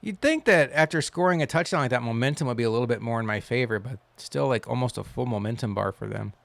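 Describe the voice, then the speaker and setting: A man giving casual commentary while playing a football video game, wry and quick to complain, then cheering loudly on big plays. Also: medium pitch, creaky, no echo. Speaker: gaming channel host.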